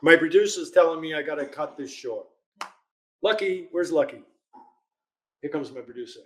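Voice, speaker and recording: Reading audience questions aloud on his live legal Q&A stream, this host keeps things chatty and casual, laughing frequently. His voice is fairly high and fast, with a little hiss or hum in the audio.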